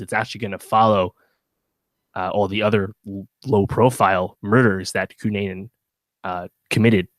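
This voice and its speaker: A man with a fairly low voice co-hosts a podcast, chatting casually about a TV show in a rambling review full of fillers and restarts. The recording is dry.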